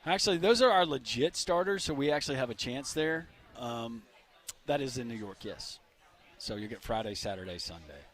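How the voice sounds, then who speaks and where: Lively, animated man on sports radio. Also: mid-range voice, moderate pace. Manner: jokey, laughs easily. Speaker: radio show co-host. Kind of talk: casual sports radio chat. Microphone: studio microphone.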